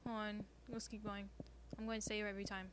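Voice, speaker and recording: A woman commentating a let's play of a video game, talking loud and excitable. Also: mid-range voice, fast. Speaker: gaming video host. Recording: loud noise behind voice.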